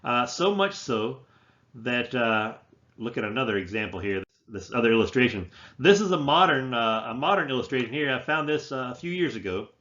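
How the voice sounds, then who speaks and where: A man's voice: medium pitch, animated, fairly quick, a bit bright. A man teaching a history class, talking off the cuff with frequent restarts and fillers. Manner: unscripted, many restarts and "uh" fillers. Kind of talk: recorded history lecture. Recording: slightly dull lo-fi recording.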